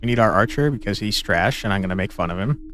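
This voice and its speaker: A man commenting on a game he is playing, talking in a joking, sarcastic, animated way. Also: on the low side, quick pace, faint music behind. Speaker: gaming channel host. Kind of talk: let's play commentary.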